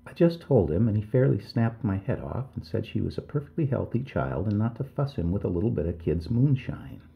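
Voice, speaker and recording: A man's voice: fairly low pitch, sing-song, fairly quick, gravelly. A man voicing a worried, tearful middle-aged village mother who pleads deferentially and keeps calling him sir. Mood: worried pleading. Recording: tinny phone-like audio.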